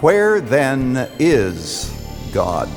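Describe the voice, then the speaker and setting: A pastor preaching a sermon, building dramatically to loud pleas when quoting scripture. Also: male voice, medium pitch, wildly swooping pitch, very slow, faint music behind. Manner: dramatic, rising to near shouting on quoted pleas. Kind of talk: radio intro then sermon. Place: church sanctuary. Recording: long reverb of a church hall.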